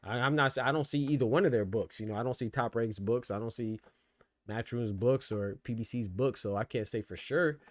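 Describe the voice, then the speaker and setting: A man's voice: medium pitch, brisk, no room sound, studio quality. Slangy male boxing podcast host. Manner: loose slangy talk, laughs hard at jokes. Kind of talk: casual live commentary.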